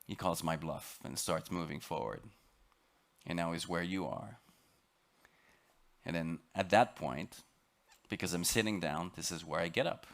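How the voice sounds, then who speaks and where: Deep-voiced French-accented man lecturing. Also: creaky, fairly bright tone. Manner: dramatic, emphatic, with halting repeats. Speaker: expedition lecturer. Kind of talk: motivational storytelling lecture. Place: lecture on a cruise ship.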